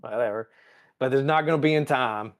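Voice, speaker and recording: A man hosting a podcast, casually recapping a TV episode in a profane, storytelling way. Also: mid-range voice. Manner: profane, storytelling with quick character voices. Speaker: podcast host.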